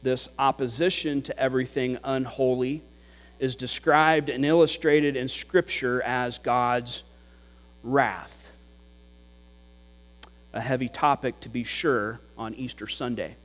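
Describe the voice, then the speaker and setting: A man's voice: on the high side, slow, pauses often. A man preaching a sermon, teaching in an explanatory way, with examples and repetition for emphasis. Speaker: pastor. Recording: hall reverb with mains hum.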